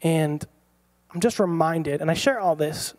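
A pastor in his thirties telling a personal story in a sermon, animated and laughing often. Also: fairly high pitch, measured pace. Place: church.

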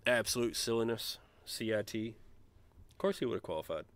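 A man streaming a college basketball management game, chatting casually and shouting gleeful trash talk when his team wins. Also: lowish voice, fairly quick, no room sound. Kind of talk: let's play commentary.

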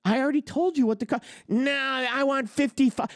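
A man's voice: very high-pitched, brisk, no echo, clean studio sound. A man hosting a trucking business show, ranting on a livestream and firing off rhetorical questions. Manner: argumentative, fires off rhetorical questions. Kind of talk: livestream rant.

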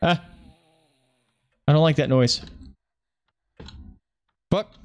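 A man's voice: a little high, very slow, a little mellow. A young man streaming a horror game, muttering and cursing at his keyboard as he plays. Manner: frustrated, swearing, talking to himself. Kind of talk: casual gameplay commentary.

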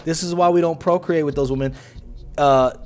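A man's voice: fairly high pitch, fairly even intonation, fairly quick, a little mellow, faint music behind. A man hosting a reaction channel, giving emphatic, scolding commentary with sweeping judgments.

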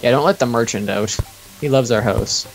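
A man talking over a co-op game session with music playing in the background. He jokes around and keeps directing his friends. His delivery is playful and loose, and his voice sits at an ordinary pitch. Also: normal speed, creaky, poor audio. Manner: playful, bossy, joking. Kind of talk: casual let's play chat.

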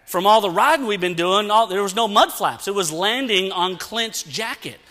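Male preacher, lively storyteller, high bright tone, long hall echo. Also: normal speed. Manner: animated, acts out sounds and dialogue. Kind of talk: storytelling sermon. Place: church sanctuary. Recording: long church-hall reverb.

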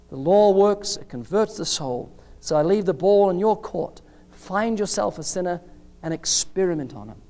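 A man's voice: high-pitched, mellow. A man preaching a sermon in an emphatic style, acting out short dialogues with changing voices.

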